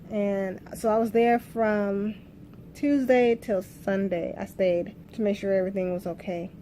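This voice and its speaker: A woman's voice: mid-range voice, steady tone, a little slow, mellow, slight background noise. A woman in her thirties telling her own birth story in a candid, emotional vlog, rambling with restarts. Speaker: vlogger.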